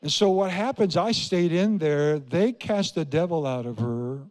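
This older pastor from Iowa has a slightly high, a little mellow voice with lively intonation, preaching a little slowly in a large church sanctuary. He repeats key points and poses questions to the congregation as his words ring out in long reverb.

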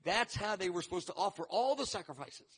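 A man preaching a sermon, teaching verse by verse and acting out quoted lines with animated, rising emphasis. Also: high-pitched, fast talker, breathy edge. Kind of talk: sermon teaching through scripture.

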